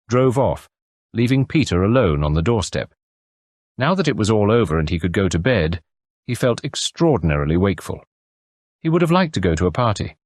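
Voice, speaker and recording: Lowish male audiobook narrator. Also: no echo, clean studio sound. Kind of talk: scripted narration.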